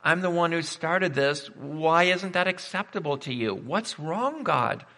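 A preacher putting on an exasperated, sarcastic young Cain. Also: male voice, fairly high pitch, lively intonation, a little slow, pushed and bright, long reverb tail, pitched above the performer's own voice, heavily acted. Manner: exasperated, mocking rhetorical complaints. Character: indignant young male Cain, sarcastic and aggrieved.

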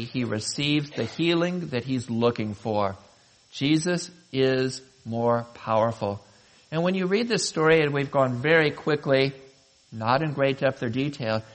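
A pastor preaching a sermon, telling stories earnestly with dramatic pauses and rising emphasis. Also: male voice, medium pitch, rough recording.

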